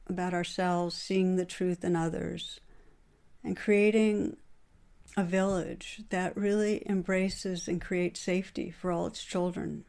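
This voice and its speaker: A middle-aged woman giving a dharma talk as a meditation teacher, in a gentle, earnest storytelling manner. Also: fairly low pitch.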